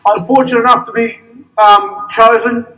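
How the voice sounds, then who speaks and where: A man's voice: extremely high pitch, steady tone, normal speed, background noise. A middle-aged Australian man gives a jokey, friendly motivational speech on stage at a company event, often repeating words as he restarts. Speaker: award-winning associate giving a stage speech. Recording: distant stage sound.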